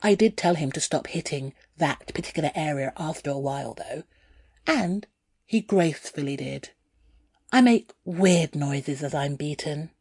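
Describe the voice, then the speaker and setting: Woman narrating her own story, breathy low-ish voice, dry close sound. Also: lively intonation, a little mellow, no echo. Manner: candid, unhurried storytelling. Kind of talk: first-person memoir reading.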